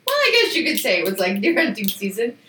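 High, bright woman co-hosting a podcast. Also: huge pitch swings, fast talker, a little hiss or hum. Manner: laughs often, teasing. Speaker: podcast co-host and voice coach. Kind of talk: casual podcast banter. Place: small home studio. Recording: roomy sound, a little far from the mic.

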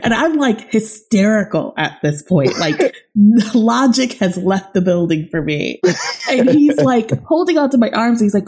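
A woman's voice: fairly high pitch, very animated, measured pace, darkish tone. A woman in casual chat, telling a dating story with lots of laughter.

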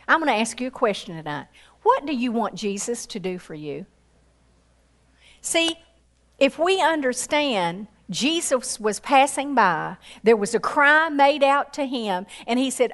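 A woman preaching a sermon with passion, acting out quoted voices and rising to high exclamations. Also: expressive, measured pace, a bit bright. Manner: acts out quoted voices in her storytelling.

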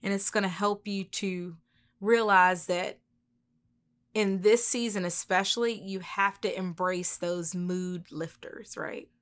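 A woman's voice: mid-range voice, fairly even intonation, slow pace. A woman co-hosting a motivational podcast, talking in a casual, encouraging way and repeating key words for emphasis. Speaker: podcast co-host.

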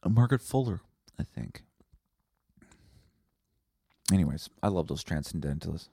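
A man hosts a solo podcast in a low voice, rambling from one thought to the next. His tone is warm and dark, and he swears bluntly. The recording is close and dry, with no room echo. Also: expressive, moderate pace, vocal fry, pauses often, slightly rough. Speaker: podcast host. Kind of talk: casual solo podcast monologue.

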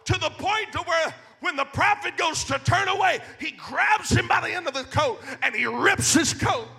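A man preaching a fiery sermon to a youth service, shouting one moment and hushed the next, with many fillers between his phrases. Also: extremely high pitch, lively intonation, moderate pace, vocal fry, faint music behind. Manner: swings from loud to hushed.

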